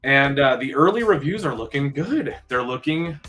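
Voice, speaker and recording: A man hosting a live movie news stream, chatting excitedly with viewers and answering their comments. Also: mid-range voice, moderate pace, faint music behind.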